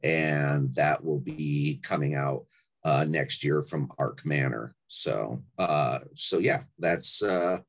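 A man, an anthology editor and author, chatting on a podcast about his projects, unhurried and pausing with fillers. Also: rumbling low. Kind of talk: casual podcast chat.

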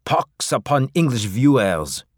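A man's voice: mid-range voice, sing-song, measured pace, no echo, studio quality. A man voicing an angry Quebecois maple worker who rants crudely, with a thick Quebecois French accent. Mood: indignant. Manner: crude ranting, drawn out. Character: gruff Quebecois maple worker, male, furious.

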